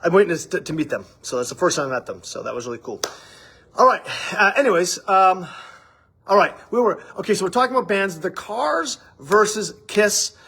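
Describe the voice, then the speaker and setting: Out of breath after running, a man hosts his daily livestream from a studio office with a window, rambling loosely and swearing casually. His voice sits high and sounds animated, fast, bright, and forceful, with a breathy edge.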